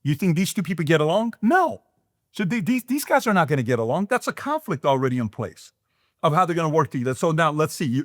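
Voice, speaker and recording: A man's voice: on the high side, dry recording, studio quality. A man, hosting a business talk and speaking emphatically to camera, full of rhetorical questions. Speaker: business talk show host.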